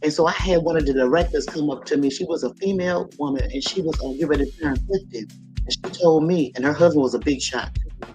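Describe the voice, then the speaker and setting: A woman hosting a casual livestream, telling lively, laughing stories and reading out viewers' comments. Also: low-pitched, fast talker, soft background music. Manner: lively, laughing storyteller, talks straight to viewers. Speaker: livestream host. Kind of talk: casual storytelling and chat reading.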